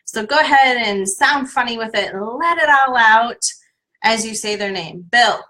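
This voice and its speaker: Woman coach, bright voice, leads a tapping exercise and repeats a name for listeners to echo. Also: a little high, expressive, normal speed. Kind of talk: guided tapping exercise on a live stream.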